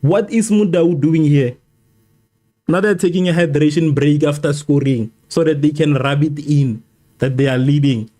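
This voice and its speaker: This male streamer reacts to a live football match at a moderate pace, his tone mellow and soft though a bit high. Exasperated, he fusses over the play, says the same complaints again and again, and spars with the chat.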